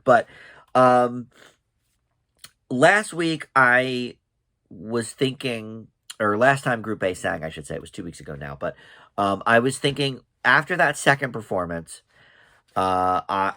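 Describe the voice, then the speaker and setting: Male reaction host, low-ish voice, rambling recap style, dry sound. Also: a bit bright, dry recording. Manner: chatty, hesitant with many ums and restarts. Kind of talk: casual recap commentary.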